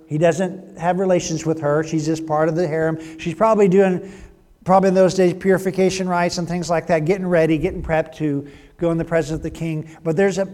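Man chatting through a bible passage, higher voice, lots of "isn't it?", echoey hall. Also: darkish tone. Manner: chatty, rhetorical questions to listeners. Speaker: Bible teacher. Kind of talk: conversational Bible teaching.

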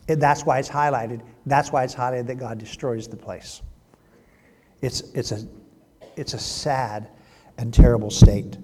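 A man's voice: mid-range voice, warm tone. Male pastor, sermon, middle-aged, emphatic, long reverb. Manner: emphatic preaching with swells and drops in volume. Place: church sanctuary.

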